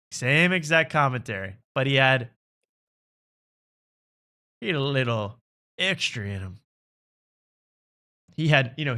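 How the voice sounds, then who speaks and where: A man's voice: medium pitch, sharp tone. A man hosting a comedy podcast, ranting sarcastically in casual chat. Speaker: host.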